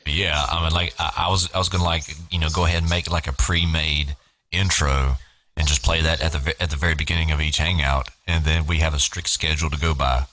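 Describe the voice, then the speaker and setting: A man's voice: very deep voice, flat delivery, quick pace, pushed and bright. A man hosting a casual group video chat, talking hesitantly with many fillers and restarts. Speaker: host planning a show.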